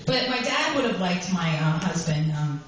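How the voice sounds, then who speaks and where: A woman's voice: fairly low pitch, sing-song, normal speed. A woman doing a stand-up comedy set on a club stage, talking in a rambling way with many ums and likes. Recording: echoey room, far from the mic, faint noise.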